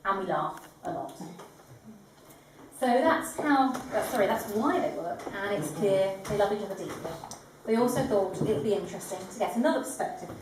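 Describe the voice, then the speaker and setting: A woman's voice: medium pitch, expressive, brisk, noisy background. A woman officiating a wedding, delivering a formal ceremony address with a composed, lightly humorous manner. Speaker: wedding celebrant. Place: large echoing room at a ceremony. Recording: echoey room from far off.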